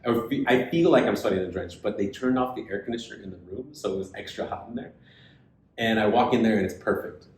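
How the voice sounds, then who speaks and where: A man co-hosting a podcast, retelling a story in casual chat and acting out the other people's lines. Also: fast talker. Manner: animated retelling, acts out quoted voices. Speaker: podcast co-host. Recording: echoey room with faint rumble.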